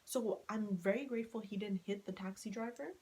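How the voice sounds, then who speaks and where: A woman talks straight to her followers in a casual storytime. Her delivery is animated and full of swearing, and she keeps acting out the lines of the people in her story. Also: medium pitch, a little fast, a little hiss or hum, low-quality recording. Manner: animated, swears freely, laughing, acting out quotes. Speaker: storytime vlogger.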